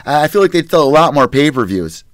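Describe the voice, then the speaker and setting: A man's voice: on the high side, big pitch swings, fast talker, no echo, studio quality. An American man hosting a podcast, chatting in an enthusiastic, profane, conversational way. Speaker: podcast host. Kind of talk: casual podcast chat.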